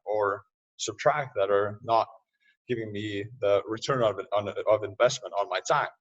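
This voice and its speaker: A man speaking as a podcast guest in casual interview talk, loose and quick to laugh, often restarting his sentences. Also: on the low side. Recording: distant, muffled remote audio.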